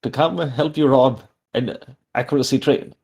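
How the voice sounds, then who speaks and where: Casting note: blunt temple elder, impatient, mid-pitched voiced by a man. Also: moderate pace, darkish tone, husky.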